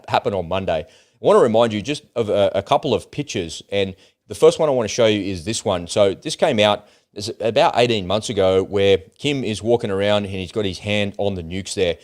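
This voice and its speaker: A man's voice: fairly low pitch, a little mellow. A man co-hosting a casual livestream, talking bluntly and animatedly, with frequent swearing. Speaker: co-host.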